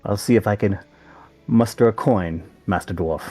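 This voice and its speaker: A man's voice: fairly low pitch, moderate pace, mellow, faint music behind, close to an everyday voice. A man voicing a courteous, composed male elf in a tabletop game, speaking formally and politely.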